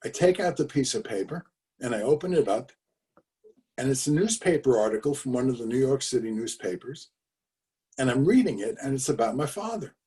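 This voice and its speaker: A man's voice: mid-range voice, expressive, a little fast, dark tone, recorded from a distance. An older man telling a family story in a conversational way, over a video call, with fillers and emphatic repetitions. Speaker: speaker telling his father's story.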